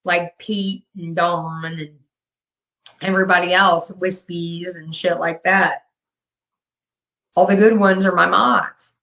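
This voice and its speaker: A woman's voice: on the low side, steady tone, slow, gravelly, pauses often, fairly bright tone, poor audio. A woman in her fifties runs a live stream and talks straight to her chat. She is brash and profane and taunts her viewers. She has been drinking as she talks. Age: 50s. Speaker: livestream host.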